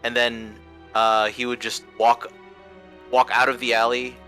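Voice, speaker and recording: A man's voice: mid-range voice, measured pace, faint music behind. A man playing in a tabletop game, describing his character's actions in a rambling, casual way with many fillers. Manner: rambling, animated, many likes and uhs. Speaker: player.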